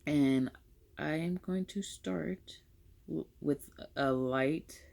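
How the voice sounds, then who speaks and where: A woman's voice: low-pitched, drawn-out words, creaky, a little mellow, slight background noise. A young woman chatting casually through her makeup tutorial, rambling and correcting herself as she goes. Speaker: makeup vlogger.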